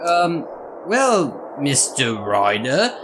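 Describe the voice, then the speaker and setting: A man's voice: mid-range voice, big pitch swings, drawn-out words, noisy background. A man playing his character in a tabletop game, stammering and sarcastic. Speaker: player. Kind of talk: in-character role-play.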